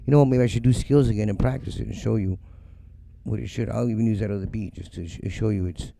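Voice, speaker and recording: This middle-aged man speaks fast in a lowish, gravelly voice, with a little hiss or hum on the track. Hosting a music livestream from his home studio, he delivers a casual, blunt, profane rant, animated and mocking others by imitating them.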